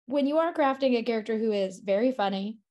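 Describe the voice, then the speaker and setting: A woman in her thirties with a slightly high voice, interviewing at a brisk pace. She is chatty and enthusiastic and peppers her speech with fillers. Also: dark tone. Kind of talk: casual interview chat.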